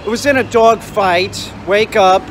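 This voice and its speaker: A man's voice: sits high, a little slow, fairly bright tone. A man, a dog trainer, ranting bluntly and swearing while out walking dogs on a city street. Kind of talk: casual vlog rant while walking dogs. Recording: street noise behind.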